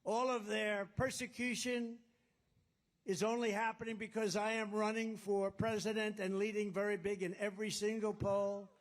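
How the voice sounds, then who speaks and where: A man's voice: high voice, flat delivery, normal speed. A man giving a campaign rally speech as a political candidate, rambling and boastful and repeating his phrases. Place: rally at a golf resort.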